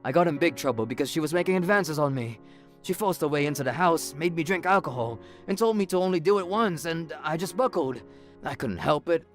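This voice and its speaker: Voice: medium pitch, lively intonation, a little fast, soft background music, lightly acted. A voice actor playing an evasive, flustered cheating husband who stammers through excuses. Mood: pleading.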